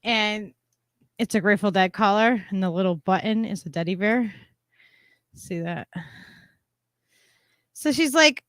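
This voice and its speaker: A woman co-hosting a casual chat, telling a story in a bubbly way with lots of laughter and lively quoting. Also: mid-range voice, a little slow, long pauses, no room sound, studio quality. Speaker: podcast co-host.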